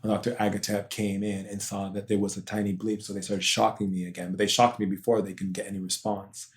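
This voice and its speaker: A man's voice: on the low side, flat delivery, fast. A man being interviewed on a podcast as a spiritual teacher, telling a personal story in an intense, emotional way. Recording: roomy echo.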